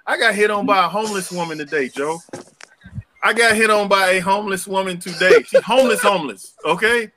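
A young man, telling a slangy, animated story on a casual podcast and leaping up in pitch for punchlines. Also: fairly quick. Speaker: podcast co-host.

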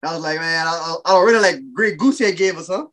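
A man hosting a casual podcast, telling a rowdy story with loud animated bursts and laughter. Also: a little high, fast talker. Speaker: podcast host.

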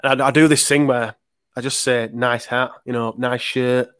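A man's voice: mid-range voice, fairly even intonation, normal speed, a bit bright, clear, resonant tone, no echo, clean studio sound. A man from Leeds, co-hosting a podcast and chatting casually, telling anecdotes and acting out what people said. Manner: chatty anecdotal storyteller, acts out quotes. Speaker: podcast co-host. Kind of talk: casual chat.

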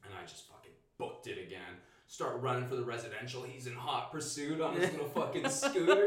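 A man's voice: medium pitch, brisk, hardly any pauses. A young man, a guest, telling a story casually and animatedly, swearing freely. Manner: animated, profane, laughs through his story. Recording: echoey room, distant mic.

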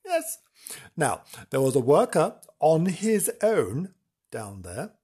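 A man's voice: a little high, huge pitch swings, takes it slowly, mellow, breathy edge. A man hosting a comic radio-style show in a camp, rambling, mock-dramatic way. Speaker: host.

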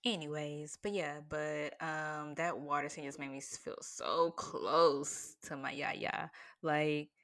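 A young woman, chatting casually to her viewers about movies, animated, swinging between excited highs and hushed asides. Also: slow, no echo, clean studio sound. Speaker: vlogger reviewing movies.

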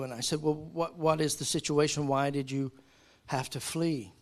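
Pastor guy preaching, kinda high voice, goes from calm storytelling to fired-up emphasis. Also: normal speed, few pauses. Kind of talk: sermon.

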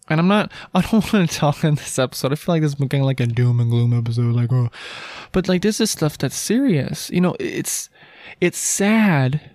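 A man talks through a casual Christian teaching monologue as a podcast host, pressing his point with rhetorical questions and frequent restarts. His voice sits at a middle pitch and sounds close and dry, with no room echo. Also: a little mellow.

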